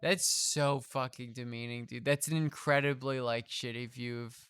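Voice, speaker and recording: A man's voice: medium pitch, steady tone, normal speed, over loud music. A man streaming, chatting casually as he reacts to a video, rambling and swearing as he thinks aloud. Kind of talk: casual chat.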